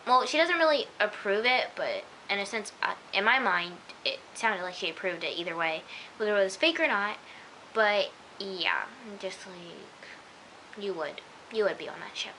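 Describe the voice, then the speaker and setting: Bright-voiced chatty woman vlogger. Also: medium pitch, expressive, moderate pace, slight background noise, rough recording. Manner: chatty and rambling, full of "like" and "oh my gosh". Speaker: TV episode reviewer. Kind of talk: casual chat to camera. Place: at home, in pajamas.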